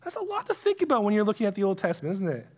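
A man with a notably high voice teaches scripture in a lively, conversational style. He keeps asking his listeners questions. His voice rings out with the long reverb of a large hall. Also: rapid-fire. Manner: animated, full of rhetorical questions. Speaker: Bible teacher.

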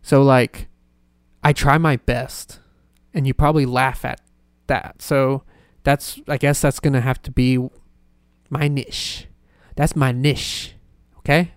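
Young man, podcast host, profane rambling rant, unhurried delivery, dry close sound. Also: medium pitch, steady tone, clean tone, no echo. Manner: profane, rambling, self-deprecating. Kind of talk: casual solo podcast rant.

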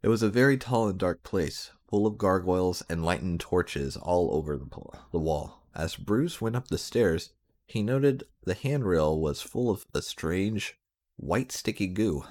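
A man's voice: sits low, animated, a little slow, a little mellow. A man doing a sarcastic, mocking reading of a badly written story. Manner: sarcastic, breaking into laughter. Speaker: reader. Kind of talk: mocking dramatic reading of bad fan fiction.

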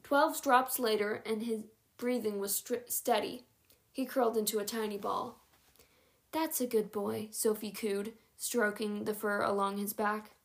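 A woman narrating a chapter book aloud in a steady, even read-aloud manner. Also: medium pitch, measured pace. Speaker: audiobook narrator.

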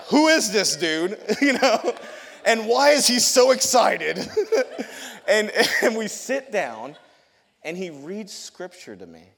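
Man preaching a lively testimony in reverberant church. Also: a little high. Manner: lively storytelling, laughs often, repeats words. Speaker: youth pastor. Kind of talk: testimony sermon to a congregation. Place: church sanctuary. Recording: long hall reverb.

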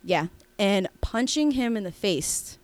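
A woman co-hosting a podcast, telling a story in a rambling, animated way with lots of fillers and restarts. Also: mid-range voice, takes it slowly. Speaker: podcast co-host. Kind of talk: casual storytelling chat.

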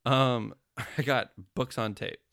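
Laughing gravelly man chatting. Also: medium pitch, steady tone, slow pace, a bit bright. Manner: joking, laughs often. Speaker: podcast co-host. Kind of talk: casual chat.

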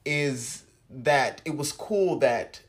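Slow, halting man preaching gently. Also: medium pitch. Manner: slow, halting, with restarts and soft laughs. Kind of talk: relaxed personal sermon.

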